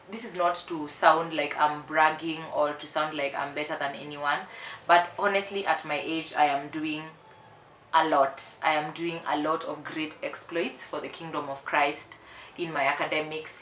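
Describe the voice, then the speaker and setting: A woman's voice: low-pitched, fairly bright tone, slight background noise. A woman in her twenties talking candidly and emphatically in a casual confessional vlog, repeating herself for effect. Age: 20s. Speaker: vlogger. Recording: roomy echo.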